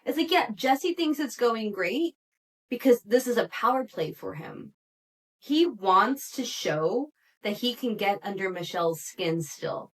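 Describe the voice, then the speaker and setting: A woman hosting a podcast, recapping a reality show in a chatty, animated way, with frequent "like" fillers and laughter. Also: fairly high pitch, a little slow. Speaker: podcast host.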